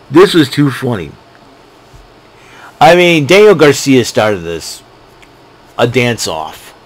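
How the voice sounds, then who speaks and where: Excitable man recapping wrestling. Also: medium pitch. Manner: excitable, laughs a lot, acts out quotes. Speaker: wrestling podcast host. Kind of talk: casual recap.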